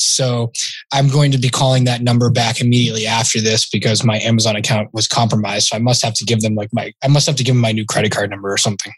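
A podcast host with a mid-range voice chats casually, rambling, correcting himself as he goes and laughing often. There's no echo.

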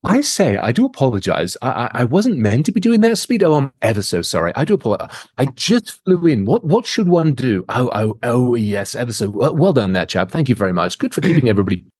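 A man voicing a flustered, over-apologetic posh English gentleman caught at a traffic stop, talking in a fussy, plummy way. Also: medium pitch, sing-song, fast, few pauses, slightly rough, no echo, studio quality.

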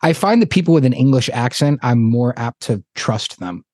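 A man's voice: mid-range voice, expressive, normal speed, darkish tone, dry recording. A man hosting an interview podcast, talking casually with joking, self-mocking asides. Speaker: podcast host.

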